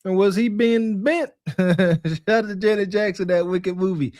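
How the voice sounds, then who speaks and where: A man's voice: high voice, measured pace, darkish tone, no echo, studio quality. A man co-hosting a podcast, reacting to a clip with teasing jokes and frequent laughs. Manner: joking, teasing, laughs often. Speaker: podcast co-host.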